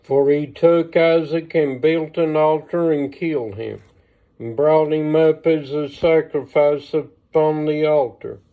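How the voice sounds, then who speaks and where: A man reading the words of an evil spirit disguised as a humble old man, in a slow plain delivery. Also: a little high, fairly even intonation. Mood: sly. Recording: tinny phone-line sound.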